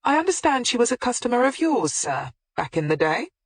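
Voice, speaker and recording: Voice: mid-range voice, big pitch swings, fairly quick, no room sound, pitched above the performer's own voice. An audiobook narrator voicing a composed woman police detective who questions a suspect with polite, persistent irony. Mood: firm. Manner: politely persistent, mildly ironic.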